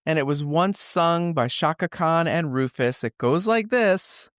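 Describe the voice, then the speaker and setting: A man's voice: fairly high pitch, a little slow, fairly bright tone, dry recording, studio quality. A man hosting a casual interview show, upbeat and joking as he leads his guest through set questions. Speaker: podcast host.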